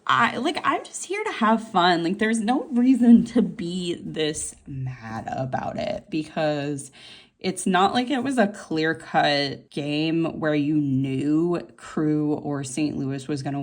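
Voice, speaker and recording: A woman vlogger chatting casually while planning, rambling with lots of fillers and laughs, her voice jumping up when she gets excited. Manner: gushing, voice jumps high when excited.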